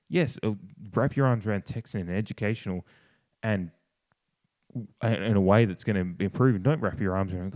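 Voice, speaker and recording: A man's voice: fairly quick, darkish tone, dry recording. A man on a casual podcast, talking with passion and swearing, often restarting his sentences. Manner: passionate, swears, restarts and mimics others in a higher voice. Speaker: podcast co-host. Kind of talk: casual opinionated podcast talk.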